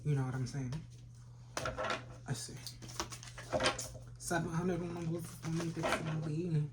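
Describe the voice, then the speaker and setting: A tarot reader talks over an audible layer of background noise and clicks. The delivery is loose and profane, full of trash talk aimed straight at viewers. The voice sits at a middle pitch. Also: steady tone, a little slow. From Philadelphia. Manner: brash and profane, trash-talking with sudden laughs. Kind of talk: casual tarot reading for viewers.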